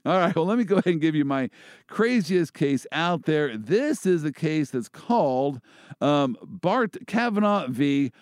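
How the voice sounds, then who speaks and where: Animated joking man, dry sound. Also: a little high, a little slow, no echo. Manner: joking, animated, many restarts. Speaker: host and First Amendment lawyer. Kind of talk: casual podcast chat about legal cases.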